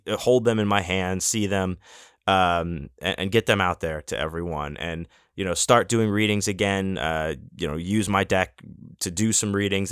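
The podcast host here has a low, smooth, slightly bright voice and talks in a casual, rambling way, often restarting, using fillers and now and then swearing. The clean studio sound carries no echo.

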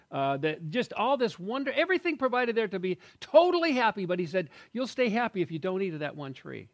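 Animated man in his sixties preaching. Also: high voice. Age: 60s. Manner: animated storytelling with jokes and asides. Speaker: pastor. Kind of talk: sermon.

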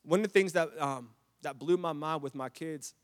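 A middle-aged man preaching a sermon, telling stories with repeated restarts and building to loud, impassioned climaxes. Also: fairly high pitch, moderate pace, long reverb tail. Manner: storytelling with repetitions and restarts. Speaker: pastor.

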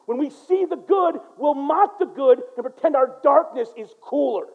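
American male pastor, very high voice, earnest sermon delivery swinging loud to hushed, muffled recording. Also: expressive, moderate pace. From United States. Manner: earnest, swings from loud and urgent to quiet and low; mimics people in quoted asides. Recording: dull lo-fi recording.

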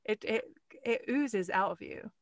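A woman's voice: mid-range voice, animated, a little slow, gravelly, no room sound. A woman interviewer speaks in a casual, supportive way and restates her guest's points. The recording is dry and close. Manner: encouraging, sums up the guest's points.

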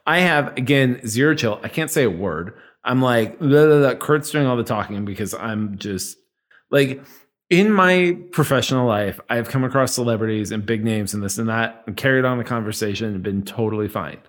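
A man co-hosting a casual chat show, telling a travel story with lively, acted-out quotes. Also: mid-range voice, moderate pace. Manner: animated storytelling, acts out quotes. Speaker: podcast co-host.

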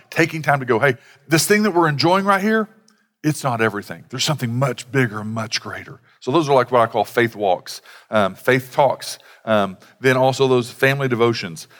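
Conversational man preaching in a reverberant hall. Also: medium pitch. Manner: conversational, animated storytelling with many fillers. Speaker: pastor. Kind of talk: sermon.

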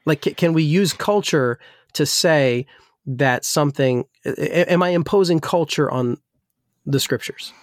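A man's voice: fairly high pitch, measured pace, no room sound, clean studio sound. A man who grew up in New Jersey and now works as a pastor, talking casually and rambling with many restarts, his voice still a little weak. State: slightly weak voice. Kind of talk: casual discussion.

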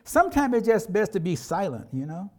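A man's voice: high voice, big pitch swings, a little fast. A middle-aged man preaching a sermon as a pastor, in a conversational way, acting out quotes from everyday life.

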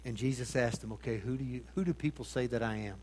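Male preacher, sermon, rhetorical questions, loud bursts, quiet asides. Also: mid-range voice, fast. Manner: dramatic swings between loud emphasis and hushed tones; addresses congregation with rhetorical questions.

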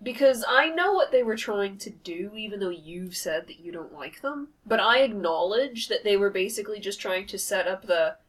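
A woman's voice: medium pitch, animated, moderate pace, few pauses. Woman, casual game chat, blunt, swears a lot, distant mic. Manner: blunt, swears freely, enthusiastic. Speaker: podcast co-host. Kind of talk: casual chat about video games.

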